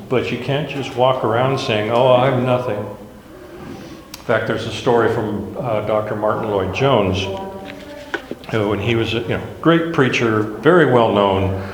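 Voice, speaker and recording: A man's voice: lowish voice, slight background noise. Man teaching a Bible class, echoey room. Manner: wry, self-deprecating, chuckles at his own jokes. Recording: echoey room with long reverb.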